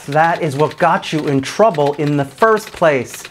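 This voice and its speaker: A man's voice: on the high side, slow pace, slight background noise. A man hosting a comedy show, giving sarcastic, satirical commentary on business news. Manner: sarcastic, with jokey swoops into silly voices.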